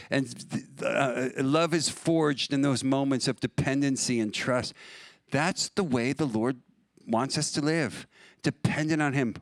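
A man's voice: a little high, no echo. A middle-aged man from New preaching a sermon as pastor, conversational and storytelling, often laughing at his own stories.

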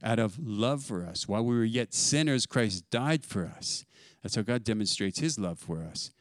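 A man preaching a sermon as pastor, emphatic and building to loud stresses on key words. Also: lowish voice, expressive, moderate pace, no echo.

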